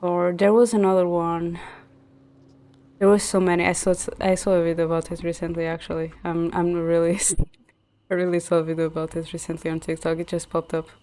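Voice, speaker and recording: A woman's voice: fairly low pitch, level tone, a little fast. A woman from central Portugal with a Portuguese accent, a native Portuguese speaker chatting casually in English as a streamer, explaining with many restarts and fillers. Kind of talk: casual chat while gaming. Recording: soft background music.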